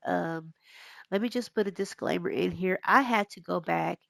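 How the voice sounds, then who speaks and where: A woman's voice: lowish voice, moderate pace, gravelly, no room sound. A woman with a stuffy nose, chatting casually and rambling a little as she introduces her gameplay. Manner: rambling, relaxed, with fillers. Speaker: gaming YouTuber.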